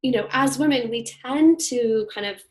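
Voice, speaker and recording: A woman's voice: on the high side, moderate pace, darkish tone. A woman guides a group class in a loose, conversational way, full of fillers and friendly asides. She walks the group through breathing exercises and voices them aloud as she goes. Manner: casual and chatty, with many fillers. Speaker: women's leadership workshop leader.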